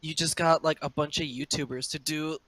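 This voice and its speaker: Bright-voiced rambling podcast guy. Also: a little high, steady tone, fairly quick, no echo, poor audio. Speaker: podcast co-host. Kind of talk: casual gaming podcast chat.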